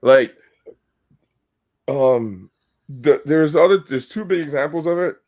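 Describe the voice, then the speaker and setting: A man's voice: a little high, slow pace, a little mellow. A man hosting a podcast, ranting heatedly and swearing constantly in casual talk. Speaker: podcast host.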